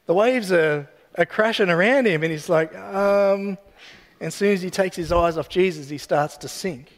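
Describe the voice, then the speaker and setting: A man's voice: sits high, normal speed. A man giving a casual, joking sermon that retells a story and ends in prayer. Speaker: preacher. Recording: long hall reverb.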